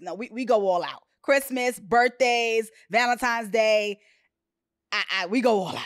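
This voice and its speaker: A woman hosting a podcast, chatting casually and telling personal stories with expressive, quoted voices. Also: on the high side, a little slow, no room sound, clean studio sound. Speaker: podcast host. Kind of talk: casual chat.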